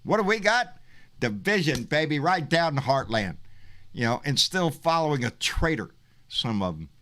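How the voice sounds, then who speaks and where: A man's voice: a little high, sing-song, moderate pace, fairly bright tone. A man in his sixties from Texas hosting a casual political livestream, blunt and profane, often calling people baby. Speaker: livestream talk show host.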